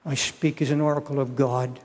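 An older man preaching a sermon and altar call, pleading slowly and repeating his words. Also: mid-range voice, level tone, darkish tone, big-room sound.

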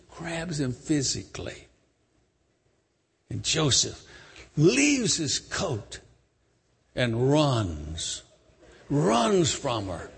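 Husky, dramatic male preacher. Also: medium pitch. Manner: dramatic, emphatic, swinging loud and soft. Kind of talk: sermon storytelling. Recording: long hall reverb.

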